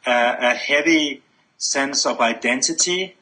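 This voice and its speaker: A man speaks as an interview guest in a bright, clear-edged voice. He thinks aloud, restarting his phrases often as he reaches for the next idea. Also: mid-range voice, low-quality recording. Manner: reflective, halting with many restarts. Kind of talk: spiritual conversation.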